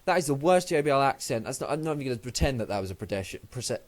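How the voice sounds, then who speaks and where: A man talks through a wrestling episode in a loose solo review, cursing freely and trailing off mid-sentence. He sounds groggy, as if he has just woken up, and his pitch sits in an ordinary middle range. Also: lively intonation, racing. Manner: rambling, sweary, loses his train of thought. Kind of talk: casual solo review vlog.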